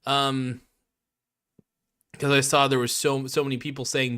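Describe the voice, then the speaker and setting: A man's voice: medium pitch, little pitch movement, unhurried, sharp tone. A man hosting a casual live stream, talking in a laid-back, joking and rambling way, swearing now and then.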